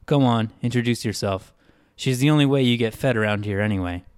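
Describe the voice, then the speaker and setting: A man voicing a nervous male prisoner who gives blunt, hushed warnings about the town's rules. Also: medium pitch, fairly quick, clean tone, no room sound, studio quality, close to an everyday voice. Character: jittery male long-time prisoner, fearful and blunt.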